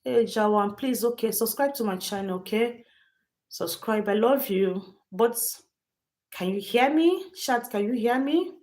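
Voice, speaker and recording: A woman's voice: a little high, animated, measured pace, darkish tone. Emphatic woman livestreaming. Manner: emphatic, repeats phrases, addresses chat directly. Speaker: livestream host. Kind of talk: live chat storytelling.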